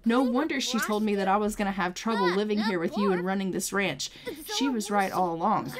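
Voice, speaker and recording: A woman's voice: medium pitch, a little fast. A woman narrating her life-simulation gameplay, chatty and dramatizing what the characters say. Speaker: let's play narrator. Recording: game chatter in background.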